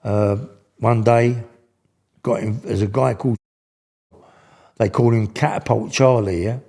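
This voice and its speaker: A man's voice: fairly low pitch, fairly even intonation, measured pace, mellow. Rambling older man telling stories. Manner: rambling, slangy, full of restarts. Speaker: guest. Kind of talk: casual storytelling.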